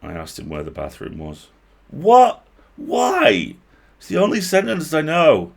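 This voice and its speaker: A man voicing a nervous young male goblin who stammers and squeaks defensively. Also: very animated, a little slow, creaky, breathy edge, exaggerated voice. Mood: flustered.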